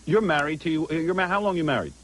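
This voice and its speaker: A man hosting a radio talk show in casual, teasing, rapid-fire banter. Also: on the high side, lively intonation, a bit bright, slight background noise, low-quality recording. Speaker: radio host.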